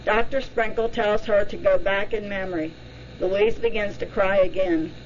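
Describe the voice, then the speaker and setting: A woman giving a measured, plain reading of a documentary narration. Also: mid-range voice, lively intonation. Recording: dull lo-fi with faint hiss.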